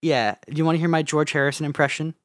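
A man with a somewhat higher voice chats playfully on a podcast and rambles through his points. He speaks over an online call, and the sound is dry and close. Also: fairly even intonation, quick pace, a bit bright, dry recording. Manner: playful, rambling, slips into impressions. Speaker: podcast co-host. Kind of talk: casual chat.

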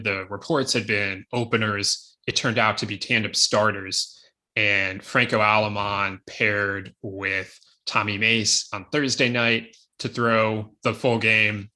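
A man co-hosting a podcast, talking casually with quick asides. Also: fairly low pitch, sharp tone. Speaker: podcast co-host. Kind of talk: casual sports chat.

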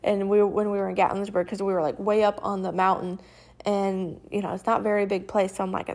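A woman's voice: mid-range voice, little pitch movement, fairly quick, a little mellow. A woman hosting a casual solo podcast, talking in a rambling, reassuring way with lots of fillers. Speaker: podcast host.

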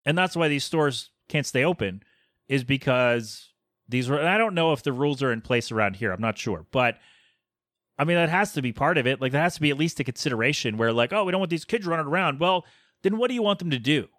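Rambling American-style podcast dad, dry sound. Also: male voice, mid-range voice, lively intonation, fairly quick, fairly bright tone, no echo. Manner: rambling, chatty, exasperated asides. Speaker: podcast host. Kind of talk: casual solo rambling.

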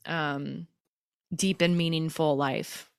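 A woman podcast host in a casual interview, affirming and quick to encourage her guest. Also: sits low, steady tone, gravelly, clean tone, dry recording, studio quality.

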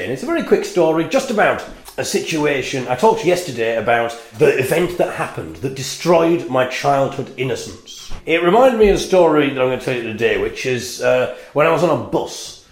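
A man hosting his own podcast, telling a rambling story with wry, self-mocking humour. He records in a small toilet at a music venue. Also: medium pitch. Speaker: podcast host and band member. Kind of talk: casual storytelling monologue. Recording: echoey small toilet room.

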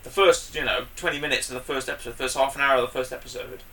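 A man chats casually as a podcast co-host, rambling and enthusiastic, jumping into loud bursts when something excites him. His voice has a bright edge. He sits a little back from the mic. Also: mid-range voice, racing, distant mic. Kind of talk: casual chat.

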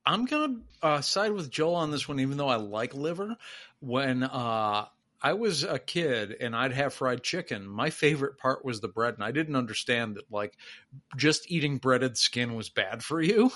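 A man in his forties chats with old friends in a bright, tense voice. He pauses and restarts often as he gathers his thoughts. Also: medium pitch, lively intonation. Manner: hesitant, many false starts and fillers. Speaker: podcast co-host. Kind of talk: casual chat among old friends.

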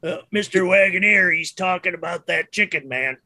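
Man, tabletop player, wry, bright tense voice, dry sound. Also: sits high, moderate pace, no room sound. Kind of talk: tabletop role-play banter.

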